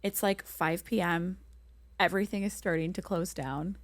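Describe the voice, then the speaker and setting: A young woman co-hosting a podcast, telling a travel story in a casual, animated way and acting out the voices in it. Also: lowish voice, normal speed, no room sound. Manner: animated, acts out quoted voices, many "like"s. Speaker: podcast co-host.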